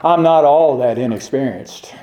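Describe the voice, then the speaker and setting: A man's voice: mid-range voice, moderate pace, mellow, roomy sound, muffled recording, natural voice. A man voicing a young, confident shepherd warrior, speaking with earnest resolve in a sermon retelling. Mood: resolute.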